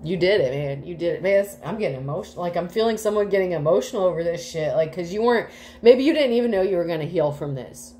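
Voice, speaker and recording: A woman's voice: fairly low pitch, animated, quick pace, warm tone, slight background noise. A woman giving a casual tarot reading to the collective, rambling with many fillers, swearing freely and getting emotional. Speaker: tarot reader.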